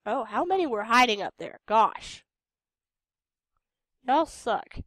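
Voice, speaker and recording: Speaking slowly in a slightly high, somewhat bright voice, a young Idaho woman with a Western American accent rambles through casual commentary while gaming, sounding animated despite being tired and a bit sick. She talks back to the on-screen characters as a game video host, and the studio recording is clean with no room sound.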